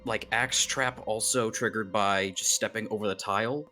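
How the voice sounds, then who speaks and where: A man playing a tabletop game, talking haltingly and laughing often. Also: lowish voice, steady tone, over music. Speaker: player.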